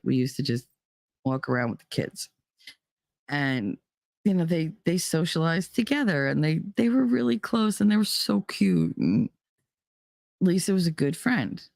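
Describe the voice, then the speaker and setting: A woman's voice: low-pitched, very animated, normal speed, gravelly, a little mellow, dry recording, clean studio sound. A woman host telling a personal story bluntly, swearing freely and speaking with heated emphasis. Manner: blunt and profane, emphatic retelling. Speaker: podcast host.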